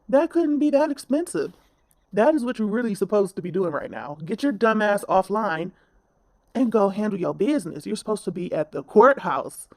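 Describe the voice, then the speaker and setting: A woman's voice: medium pitch, darkish tone, dry recording. A woman commentator ranting bluntly in a reaction video, scolding and swearing.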